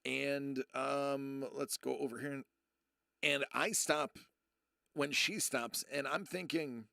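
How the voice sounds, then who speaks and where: A man in his thirties rambling through a personal story to his live chat, often restarting and quoting people in a lowered voice. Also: steady tone, slow, gravelly, bright, forceful tone, no echo, studio quality. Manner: rambling, self-interrupting, acts out quotes in a low voice. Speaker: streamer.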